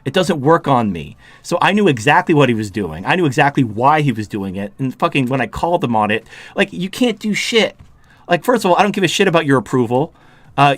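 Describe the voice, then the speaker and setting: A man hosting a casual talk show, ranting with heat and a steady stream of profanity. His voice sits a little high for a man. It is recorded close and dry, with no room sound. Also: dry recording. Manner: heated, profane and sarcastic. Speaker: podcast host.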